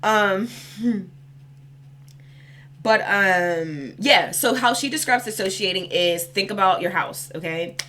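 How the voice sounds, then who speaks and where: A woman's voice: medium pitch, slow pace, bright, forceful tone. A young woman giving a casual spiritual card reading, chatty and rambling, with a loose, cursing, heartfelt manner. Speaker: spiritual reader.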